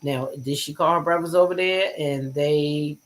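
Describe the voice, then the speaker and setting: A woman hosting a casual gossip chat, blunt and animated, swearing freely as she talks to her viewers. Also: sits low, normal speed, a little hiss or hum, low-quality recording. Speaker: host.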